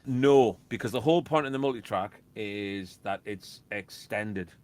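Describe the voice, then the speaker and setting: A man, a DJ and label owner, chatting casually and telling animated stories that act out beats and quotes. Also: lowish voice, unhurried. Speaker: guest, DJ and record label owner. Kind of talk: casual chat.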